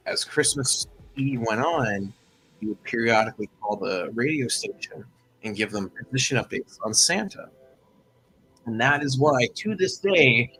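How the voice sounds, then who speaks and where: A man's voice: mid-range voice, sharp tone, husky, rough recording. A man hosting a livestream, telling a story in a chatty, rambling way full of asides. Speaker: host.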